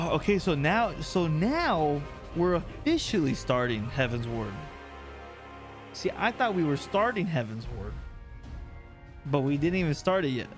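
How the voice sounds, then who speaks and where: A young man casually commenting on a story game for his livestream chat, animated and joking as he recaps what happened. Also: fairly high pitch, unhurried, over music.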